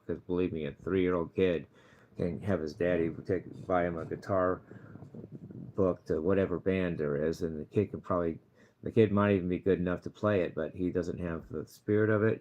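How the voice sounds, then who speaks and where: Deep-voiced male vlogger, rambling, stammering restarts, earnest preachy advice to viewers. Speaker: channel host. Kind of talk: casual vlog monologue.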